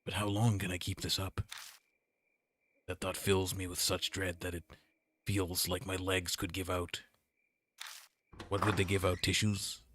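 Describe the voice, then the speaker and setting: Deep-voiced jokey male streamer. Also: flat delivery, a little slow, long pauses, fairly bright tone, a little hiss or hum. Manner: jokey, playful asides. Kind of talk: reading a horror visual novel aloud. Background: game music.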